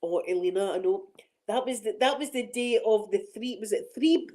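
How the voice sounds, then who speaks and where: A woman's voice: mid-range voice, moderate pace, warm tone, poor audio. A middle-aged Scottish woman hosting a casual chat on her ASMR channel, rambling and laughing often.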